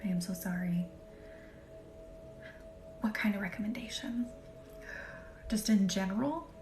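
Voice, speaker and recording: Soft half-whispering woman in a roomy room. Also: mid-range voice, unhurried, a little hiss or hum. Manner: soft, often half-whispered, greets viewers by name. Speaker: reiki practitioner hosting a live stream. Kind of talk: casual live-stream chat with guided relaxation. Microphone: phone or webcam for live stream. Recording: roomy room with faint music.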